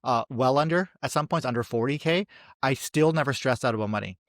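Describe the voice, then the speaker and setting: A man in his thirties hosts a relaxed chat, rattling along at a brisk clip and often cutting himself off to restart a sentence. His voice sits at an ordinary middle pitch. The recording is close and dry, with no room sound. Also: dry recording. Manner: rapid, self-interrupting speech with frequent restarts. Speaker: podcast host. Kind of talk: casual conversation.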